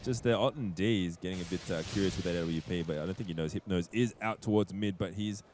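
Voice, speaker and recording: A man calling a competitive shooter match play-by-play, excitable and quick to laugh. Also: deep voice, a little hiss or hum. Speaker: esports play-by-play caster. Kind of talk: fast play-by-play commentary.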